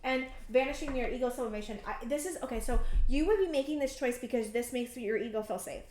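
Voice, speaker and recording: A woman's voice: a little high, quick pace, a little mellow, echoey room, slight background noise. A woman in her thirties giving an earnest, emphatic pick-a-card tarot reading, often restarting her sentences. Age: 30s. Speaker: tarot reader.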